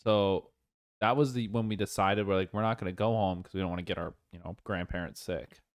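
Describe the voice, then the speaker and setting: A man's voice: sits low, steady tone, brisk, no room sound, clean studio sound. A young man co-hosting a podcast in casual chat, rambling and jumping between thoughts. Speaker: podcast co-host.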